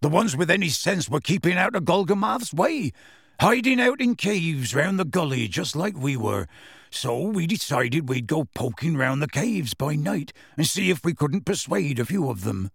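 A male audiobook reader plays a big, warm-hearted half-giant gamekeeper, telling his tale with gruff relish in rough dialect full of dropped sounds. The gravelly, husky voice rises and falls with lively pitch at normal speed, and it's heavily acted. The sound is close and dry with no echo.

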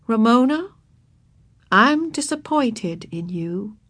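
A woman voicing a firm but kind female kindergarten teacher, speaking slowly and sternly. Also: fairly high pitch, lively intonation, fairly bright tone, heavily acted. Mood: firm measured. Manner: slow, measured and stern.

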